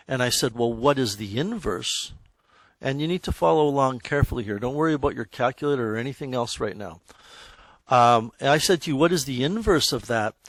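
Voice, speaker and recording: A man's voice: medium pitch, fairly bright tone, no echo. A man teaching a math lesson to his class in a classroom, talking in a loose, conversational way that corrects itself as it goes and keeps checking in with the students. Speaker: high school math teacher. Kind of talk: classroom lecture.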